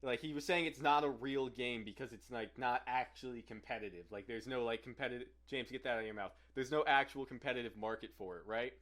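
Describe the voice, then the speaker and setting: A man's voice: medium pitch, fast, hardly any pauses, fairly bright tone. A young man co-hosting a podcast, telling long rambling stories in casual chat, swearing freely and laughing between lines. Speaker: podcast co-host.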